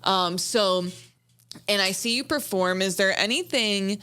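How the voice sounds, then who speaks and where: A woman's voice: medium pitch, measured pace, sharp tone, smooth. A woman hosting a casual interview, chatty and encouraging, saying "right" and "like" often. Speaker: podcast host.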